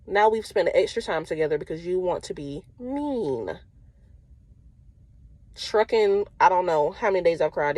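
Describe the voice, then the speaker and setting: Animated woman truck driver. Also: fairly low pitch, no echo. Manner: animated, laughs often, quotes others. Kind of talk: casual vlog storytelling.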